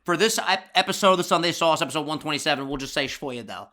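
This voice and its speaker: A man's voice: fairly high pitch, fast, pushed and bright. A young man co-hosting a podcast, chatting casually and animatedly, swearing and doing mock deli-counter voices. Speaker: podcast co-host. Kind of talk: casual chat.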